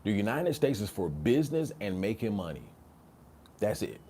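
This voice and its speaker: A man with a slightly low voice holds forth on a casual livestream, slangy and emphatic. He circles back over his own phrases and keeps asking "right?" to drive each point home. A faint hiss of noise sits under the recording. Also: big pitch swings, moderate pace, warm tone. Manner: repetitive, emphatic, slangy, rhetorical "right?" tags. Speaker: livestream host reading chat.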